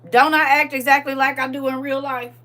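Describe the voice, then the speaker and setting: A woman hosting a casual livestream chat, talking straight to her viewers in a playful, animated way and laughing often. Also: sits high, brisk. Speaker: livestream host.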